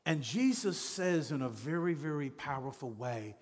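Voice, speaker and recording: A man's voice: mid-range voice, lively intonation, moderate pace, in a large hall. A man preaching a sermon as pastor, with an emphatic, repetitive cadence.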